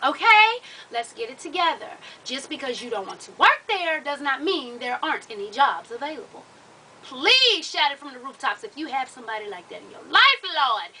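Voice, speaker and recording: A woman hosts an advice vlog in a high, bright voice, delivering blunt, profane tough love straight to the viewer. She sounds a little distant from the microphone. There is a faint hiss of room noise underneath. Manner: addresses viewers as "baby" and "y'all". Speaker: advice show host.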